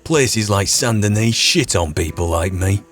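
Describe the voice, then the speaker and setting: Yorkshire man, lowish voice, lively crude game narration, faint music under it. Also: measured pace. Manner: crude, laddish storytelling. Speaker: gamer narrating his role-play character. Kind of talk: voice-over narration of a game role-play.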